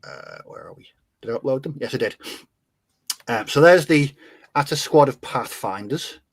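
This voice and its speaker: A man's voice: medium pitch, lively intonation, moderate pace, breathy edge, no echo. A man chatting casually on a hobby podcast, talking down his own work and rambling with restarts. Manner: self-deprecating, rambling with restarts. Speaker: podcast co-host. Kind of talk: casual chat.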